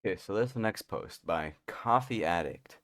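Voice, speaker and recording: A man's voice: low-pitched, animated, moderate pace, a bit bright, no echo. A man hosting a casual reaction commentary, rambling and sarcastic, with lots of "like" and "you know". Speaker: commentary host.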